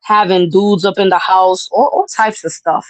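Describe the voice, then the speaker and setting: A woman's voice: mid-range voice, steady tone, moderate pace, no echo, poor audio. Brash, profane woman telling a story. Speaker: podcast host. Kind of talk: casual storytelling chat.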